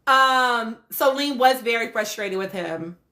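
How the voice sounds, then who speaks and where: Woman host, high bright voice, blunt and cussing in casual recap talk. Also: unhurried. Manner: blunt, profane, animated commentary with laughs. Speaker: podcast host. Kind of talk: casual reality-show recap livestream.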